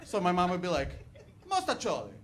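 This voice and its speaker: A middle-aged man doing a stand-up comedy set on a club stage, telling stories in a chatty, animated way full of "like" and "right". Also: on the high side, brisk. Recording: live club recording, background noise.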